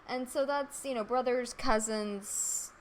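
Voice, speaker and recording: A woman's voice: fairly high pitch, steady tone, slow pace, slight background noise, poor audio. A woman co-hosting a casual fan podcast, chatty and laughing often. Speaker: podcast co-host.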